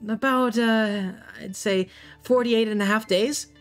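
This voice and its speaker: A game master voicing a teenage girl who talks in an offhand, casual way, with soft music behind. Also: mid-range voice, fairly even intonation, a little slow, voice pushed up, lightly acted. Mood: breezy. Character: teenage girl, the player's sister, breezy.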